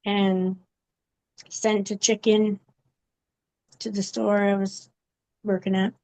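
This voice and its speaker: A woman giving a personal testimony in an interview, speaking haltingly with many pauses and fillers. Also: medium pitch, flat delivery, mellow. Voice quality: gravelly. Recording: dull, muffled recording.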